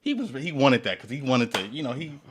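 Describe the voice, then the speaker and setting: A man's voice: medium pitch, big pitch swings, fairly quick, a little hiss or hum. A man co-hosting a casual movie review chat, talking it through in a thoughtful, analytical way.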